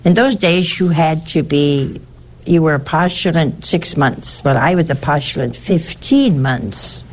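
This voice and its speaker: An older woman, a nun, telling a personal story in a halting way, repeating words and adding chatty asides. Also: deep voice, darkish tone, slight background noise.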